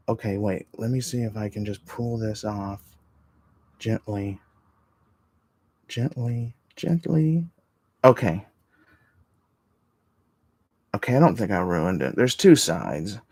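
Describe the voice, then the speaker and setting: A man in his forties chatting casually on a livestream while crafting. He rambles, swears often and greets viewers excitably. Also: mid-range voice, no echo. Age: 40s. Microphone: desk microphone.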